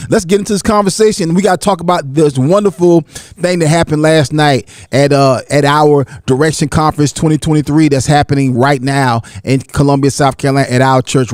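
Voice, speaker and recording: Host: man, slightly high voice, opinionated and preachy, repeats words, faint music behind. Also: a little mellow, no echo, studio quality. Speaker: talk show host. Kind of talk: casual live audio-room talk show.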